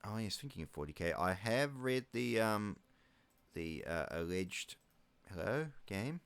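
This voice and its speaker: Low-voiced man rambling over gameplay. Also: expressive, a little slow, creaky, fairly bright tone, clean tone. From New Zealand. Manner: rambling, wry asides, mutters menu clicks to himself. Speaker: gaming YouTuber. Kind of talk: casual let's-play commentary.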